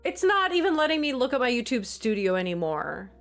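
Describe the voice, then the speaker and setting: Flustered woman streamer, very lively pitch. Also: a little fast, faint music behind. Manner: flustered, exasperated, apologetic. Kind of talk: casual livestream chat.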